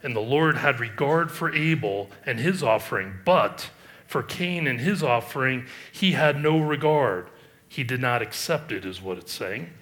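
A middle-aged male pastor preaching a sermon, reading scripture aloud and commenting on it with emphatic rises and quiet asides. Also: medium pitch, lively intonation, unhurried.

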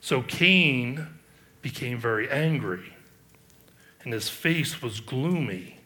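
A middle-aged male pastor preaching a sermon, reading scripture aloud and commenting on it with emphatic rises and quiet asides. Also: mid-range voice, animated, slow.

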